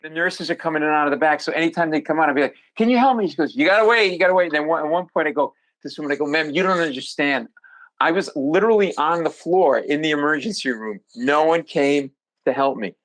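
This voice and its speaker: A comedian guest on a podcast, a man telling a story with lively acted-out quotes and sudden jumps in pitch. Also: fast talker, low-quality recording. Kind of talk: animated storytelling. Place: podcast studio.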